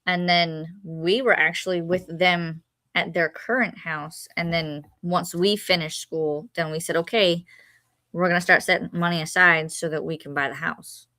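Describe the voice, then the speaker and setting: A middle-aged woman co-hosting a livestream, telling a story in a relaxed way with many fillers. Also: on the low side, normal speed, no echo. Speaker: co-host of a livestream. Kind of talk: casual chat.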